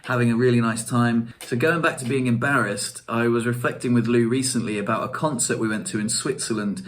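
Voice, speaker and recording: A man's voice: medium pitch, fairly even intonation, brisk, fairly bright tone. Chatty man, laughing as he talks. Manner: chatty, laughs often, self-mocking. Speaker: vlogger. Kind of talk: casual storytelling vlog.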